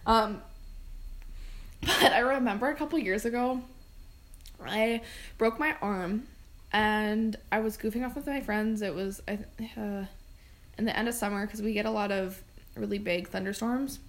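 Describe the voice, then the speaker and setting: A woman's voice: mid-range voice, a little slow, long pauses. A young woman, a podcast co-host, telling casual stories in a rambling way, laughing often and filling her talk with "like". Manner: rambling, laughing, many fillers. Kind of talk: casual storytelling.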